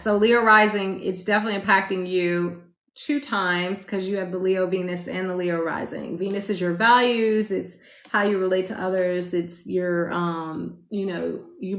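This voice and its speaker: Loud, chatty woman streaming live. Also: fairly low pitch, fairly even intonation, normal speed. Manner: loud, chatty, laughs often while telling stories. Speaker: astrology livestream host. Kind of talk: casual live-stream chat. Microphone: phone. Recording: roomy echo.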